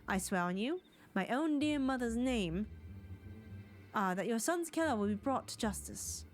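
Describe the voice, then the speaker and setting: A woman voicing a self-important, theatrical gentleman detective, reading his grand deductions quickly. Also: fairly high pitch, lively intonation, soft background music. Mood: pompous.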